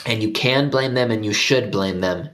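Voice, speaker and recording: Hosting his own conspiracy video, a man with a lowish voice and fairly bright tone speaks at normal speed. He rants heatedly and profanely straight at his viewers, repeating himself for emphasis.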